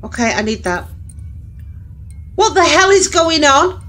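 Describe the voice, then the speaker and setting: Very animated, with a high, pushed and bright voice, this woman nonetheless speaks unhurriedly. Hosting a let's-play of a horror game, she mutters to herself, jumps at scares, and often shrieks, curses and giggles nervously.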